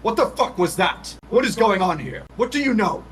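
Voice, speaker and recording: A man's voice: mid-range voice, fast talker, fairly bright tone, a little hiss or hum, close to an everyday voice. A man voicing a furious, commanding male leader in a tabletop game, barking demands.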